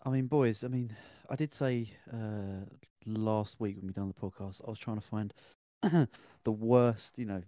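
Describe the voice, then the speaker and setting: A man's voice: on the low side, steady tone, measured pace, hardly any pauses, dark tone. A young British man co-hosting a podcast, easygoing and a bit hesitant in casual chat. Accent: British English. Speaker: podcast co-host.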